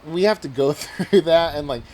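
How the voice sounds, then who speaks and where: A man's voice: a little high, moderate pace, mellow, poor audio. A man hosting a podcast who chats casually and reflectively with his guest and laughs easily. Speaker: podcast host. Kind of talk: casual interview chat.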